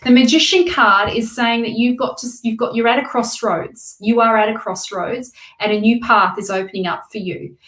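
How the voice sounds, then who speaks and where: A woman's voice: on the high side, normal speed, a bit bright, roomy sound. A woman doing live tarot readings, chatting with viewers and giving emphatic advice. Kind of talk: casual live-stream reading.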